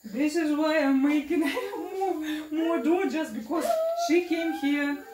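A woman's voice: sits high, slow pace, a little mellow. A young woman with a Russian accent, talking casually in broken English in a cooking vlog, hesitant with many fillers and restarts. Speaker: family vlogger. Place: home kitchen. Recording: echoey room, distant mic, audible noise.

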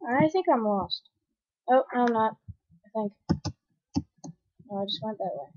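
A high-pitched woman talks through her game at an unhurried pace, complaining dramatically and breaking into panicked screams. The sound is dry and dull, like a lo-fi home recording. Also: expressive, darkish tone, no room sound. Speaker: gamer. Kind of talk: gameplay commentary.

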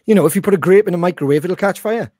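A man's voice: high-pitched, rapid-fire, background noise. A man hosting a podcast, teasing his co-host in chatty banter.

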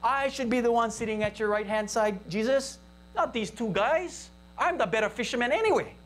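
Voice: medium pitch, moderate pace, a bit bright, slight background noise, natural voice. A boastful, indignant fisherman Peter, put on by a preacher speaks in a plain voice with a Hawaii local accent. He claims he deserves the best seat. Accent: Hawaii local English.

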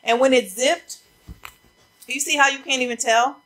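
A woman's voice: high-pitched, fairly even intonation, normal speed, a bit bright, low-quality recording. A woman, chatting casually to viewers about coats in a try-on video, a little out of breath. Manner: chatty, addresses viewers as y'all. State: slightly out of breath. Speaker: fashion vlogger. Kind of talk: casual try-on haul chat. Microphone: camera mic facing a ring light.

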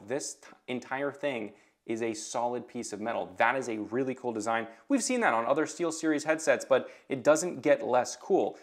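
A man's voice: mid-range voice, fairly bright tone. A man reviewing a gaming headset, unboxing it and thinking aloud with eager enthusiasm, then moving into a scripted review voice-over. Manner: enthusiastic, thinking aloud while handling the product. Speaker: tech reviewer.

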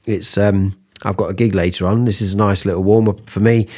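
British singing teacher, relaxed and encouraging. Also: male voice, fairly low pitch, brisk. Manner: relaxed, encouraging, talks while demonstrating. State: slightly under the weather after sneezing. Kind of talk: spoken vocal lesson between sung exercises.

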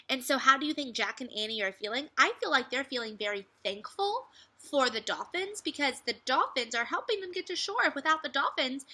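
Bright-voiced woman teacher talking to young kids. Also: high voice. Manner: friendly, explains slowly with questions like "right?". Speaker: second grade teacher. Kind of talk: teacher reading aloud to children.

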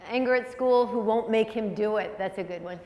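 A middle-aged woman psychologist giving a lively, conversational public lecture to parents, often asking the audience questions. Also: on the high side, a little fast, lo-fi sound. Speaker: speaker, psychologist. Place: high school auditorium. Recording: long hall reverb.

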